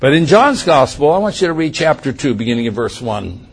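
A man teaching a Bible lesson like a sermon, reading scripture aloud slowly and with strong emphasis between plain explanations. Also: medium pitch, big pitch swings, vocal fry, slightly rough.

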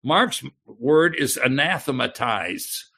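A man preaching a sermon, reading Bible passages aloud with lively emphasis and frequent restarts and repeated words. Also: medium pitch, slow, breathy edge.

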